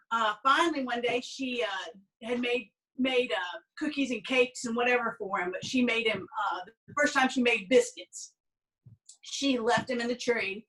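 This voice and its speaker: A woman's voice: a little high, fairly bright tone, recorded from a distance, poor audio. Folksy Southern woman teaching biscuits. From American South. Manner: chatty storyteller, folksy and rambling. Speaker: cooking instructor. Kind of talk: casual baking demonstration.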